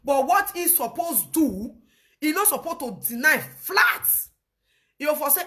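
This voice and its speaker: A woman with a Nigerian accent giving casual, laughter-filled commentary, telling a story with lively energy. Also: sits high, moderate pace.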